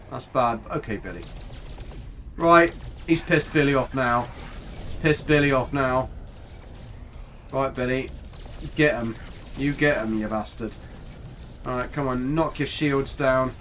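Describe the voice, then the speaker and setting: A man's voice: mid-range voice, fairly bright tone, slight background noise. A man giving casual, chatty live commentary on a game, talking to his character and his viewers with mild swearing. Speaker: gaming streamer.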